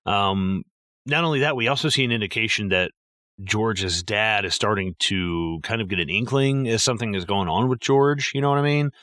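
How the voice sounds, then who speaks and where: A man co-hosting a movie podcast in loose, rambling chat, swearing freely and leaning on fillers. His voice sits lowish but bright and forward. The recording is dry and close. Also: moderate pace, no echo. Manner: rambling and profane, with many fillers. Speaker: podcast co-host. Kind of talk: casual movie-review chat.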